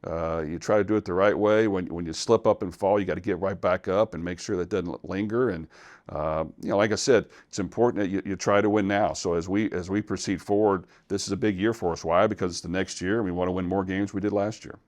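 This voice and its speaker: Give me a very deep-voiced male coach speaking earnestly in an interview. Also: fairly even intonation, fairly quick, a little mellow. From Louisville, Kentucky. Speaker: head football coach. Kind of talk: podcast interview.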